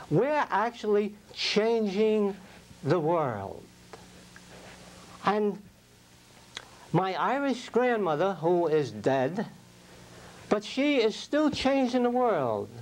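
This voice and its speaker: An older man giving a prepared speech at a speaking club, telling stories and reading quotes in a slow, deliberate, reflective way. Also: high-pitched, low-quality recording.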